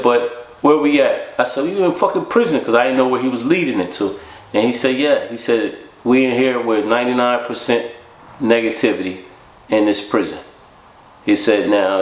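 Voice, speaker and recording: A man with a fairly low voice recounts his own life in casual spoken storytelling, recorded in an echoey room. His telling rambles with plenty of "you know" and "man," and he performs both sides of quoted exchanges.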